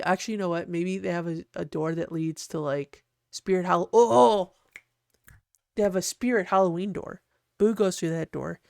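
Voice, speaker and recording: Gravelly, rambling host in a dry, close recording. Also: mid-range voice, darkish tone, no echo. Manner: rambling, self-interrupting, laughs often. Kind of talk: casual commentary while designing.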